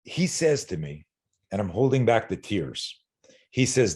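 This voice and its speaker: A middle-aged man with a somewhat low voice speaks as a guest on a podcast. He is a self-defense instructor who tells his story bluntly and earnestly. He swears without a second thought and repeats words as his feelings build. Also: big pitch swings, unhurried, darkish tone, slightly rough. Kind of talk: candid interview storytelling.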